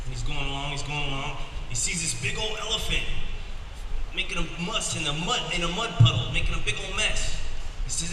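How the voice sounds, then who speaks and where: A man's voice: a little high, expressive, brisk, bright, forceful tone. A man emceeing a prison event, telling a joke story and announcing speakers. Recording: echoey hall from far off, noisy.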